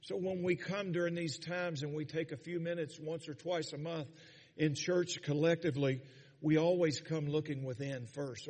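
In a church sanctuary with long hall reverb, a male pastor preaches in a voice on the high side, at normal speed with fairly even intonation. He rises to fervent shouting and calls on the congregation to answer back.

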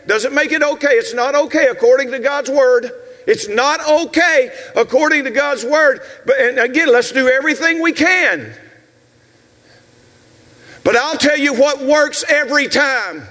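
A man in his sixties with a Southern US accent, preaching a sermon as pastor with shouted, rhythmic repetitions and asides to the congregation. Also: very high-pitched, unhurried, in a large hall. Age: 60s. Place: church sanctuary.

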